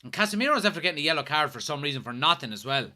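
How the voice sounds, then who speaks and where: An Irish man from Kilkenny hosting a live football watchalong, commenting on the match, yelling and swearing at the referee, and reading out chat messages. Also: on the high side, racing. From Ireland, Kilkenny. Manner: excitable, yells at the referee, swears. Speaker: watchalong host.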